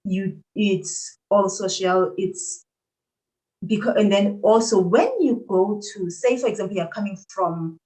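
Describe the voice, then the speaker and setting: A woman's voice: medium pitch, a little slow, mellow, low-quality recording. A young adult South African woman talking animatedly as a podcast guest, laughing often and restarting her sentences. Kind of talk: conversational interview.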